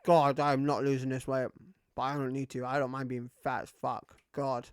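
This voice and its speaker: A man's voice: medium pitch, little pitch movement, normal speed, smooth, no room sound, studio quality. A man streaming a video game, chatting casually in a rambling way, full of fillers and swearing. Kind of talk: casual gaming stream chat.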